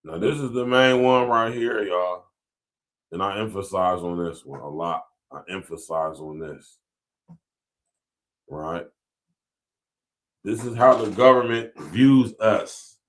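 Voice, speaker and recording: A man's voice: sits low, takes it slowly, long pauses. Emphatic man hosting a commentary podcast. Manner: emphatic, repetitive, reads passages aloud then riffs with slang. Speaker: podcast host.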